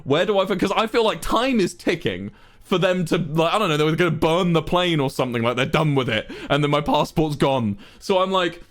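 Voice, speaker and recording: High-voiced exasperated young man. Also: expressive, fairly quick. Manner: exasperated, swearing, building to outbursts. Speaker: streamer. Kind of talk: animated storytelling rant to chat.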